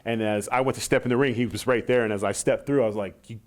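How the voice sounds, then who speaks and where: A middle-aged former wrestler in a casual shoot interview, telling animated stories and acting out what others said. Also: male voice, fast. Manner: animated storytelling, acts out quotes in high voices.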